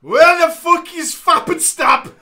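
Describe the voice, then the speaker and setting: A woman voicing an angry male Greek raid leader with a loud booming bellow. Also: takes it slowly, full character voice. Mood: furious bellowing.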